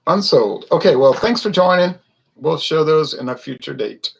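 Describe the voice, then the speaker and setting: A man's voice: on the high side, animated, moderate pace, creaky, husky, poor audio. A man from Louisiana giving a casual, rambling beer review to viewers in a wry, self-correcting way. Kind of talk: casual solo livestream chat.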